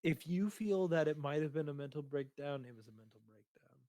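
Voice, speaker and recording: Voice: mid-range voice, a little fast, warm tone, no room sound. Hesitant speaker with a dry sound. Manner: hesitant, many "um"s, gives earnest advice. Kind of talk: casual chat on a livestream.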